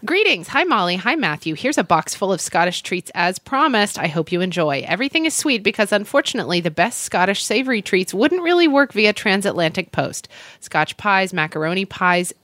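A woman co-hosting a casual food podcast, giggling often and reading aloud with animated emphasis. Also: medium pitch, a little fast, no echo. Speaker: podcast co-host.

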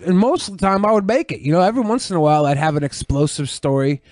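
A man's voice: on the high side, expressive, fast, a little mellow, no echo. A man co-hosting a podcast, telling rambling, crude stories in casual chat. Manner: rambling storyteller, crude jokes. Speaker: podcast co-host. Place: podcast studio.

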